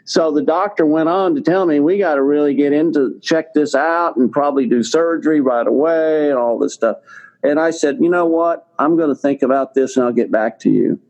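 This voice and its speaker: Mellow-voiced older man telling a story. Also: fairly high pitch, lo-fi sound. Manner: rambling, halting, many fillers and restarts. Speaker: guest telling his health story. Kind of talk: casual storytelling.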